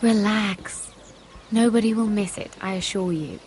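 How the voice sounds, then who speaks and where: An actress playing an earnest young handmaiden at a royal court in a video game, speaking softly and confidingly. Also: female voice, medium pitch, fairly even intonation, a little slow, slight background noise, close to an everyday voice. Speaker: game character. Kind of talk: voiced video game dialogue.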